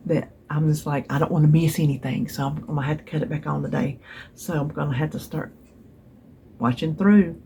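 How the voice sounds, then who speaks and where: Seated in a chair at home, a middle-aged vlogger with a Southern US accent chats casually to her phone, rambling, trailing off and restarting, with wistful asides. Her voice is deep and a bit mellow, with slight background noise.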